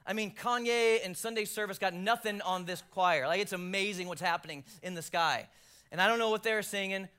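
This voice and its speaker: Preaching a sermon, this male pastor has a high voice, a brisk pace, and a clean tone. He moves between loud emphasis and near-whispers, adding jokey asides at his own expense.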